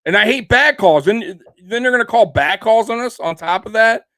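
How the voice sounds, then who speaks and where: A man's voice: sits high, lively intonation, normal speed, bright, forceful tone, dry recording. A young man in a casual sports rant, heated and profane, rambling and restarting his sentences as he talks. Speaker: sports podcast host.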